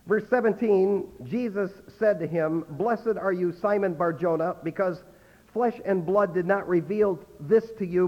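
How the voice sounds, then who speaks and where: A man preaching an expository sermon as a pastor, emphatic, his loudness rising and falling. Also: high voice. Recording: muffled sound with long hall reverb.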